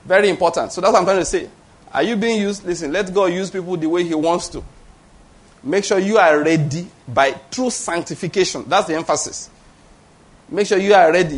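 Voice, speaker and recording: A middle-aged man with a Nigerian accent preaching a sermon, emphatic and conversational, often checking in with his congregation. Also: sits high. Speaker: pastor.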